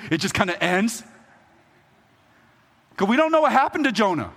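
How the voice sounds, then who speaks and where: A man's voice: medium pitch, fairly bright tone, in a large hall. A man preaching a sermon in a conversational, joking way, often checking in with the audience. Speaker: pastor.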